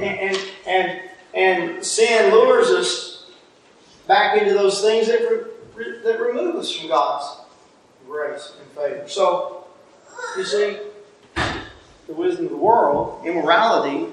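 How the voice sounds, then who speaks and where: High-voiced man preaching in an echoey room. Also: slight background noise. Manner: earnest, repeats words when stressing a point. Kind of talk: sermon.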